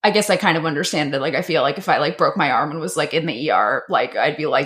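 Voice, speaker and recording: Casting note: young female podcast co-host, lowish voice, giggly and teasing. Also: animated, a little fast, few pauses, a bit bright. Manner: giggly, teasing, laughs often. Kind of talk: casual comedic chat.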